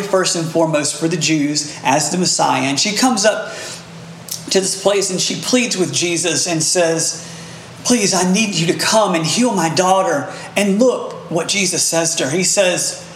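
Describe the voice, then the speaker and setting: A middle-aged man preaching a sermon as pastor, animated and building to emphatic peaks. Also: fairly high pitch, slight background noise. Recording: echoey room.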